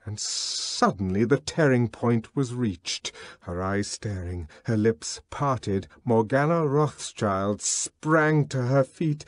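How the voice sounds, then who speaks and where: A man's voice: medium pitch, slow, few pauses, no room sound. A man narrating an audiobook in a dramatic, scripted reading.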